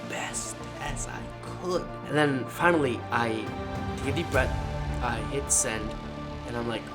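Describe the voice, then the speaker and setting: A man telling a personal freelancing story in a casual, animated vlog style, slangy and dramatic in the retelling. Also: medium pitch, unhurried, loud music behind the voice. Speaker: freelance marketing creator.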